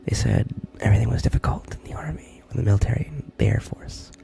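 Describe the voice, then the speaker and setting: A young man talking in soft, halting whispers in a whispered role-play stream, from his barracks room. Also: fairly low pitch, gravelly.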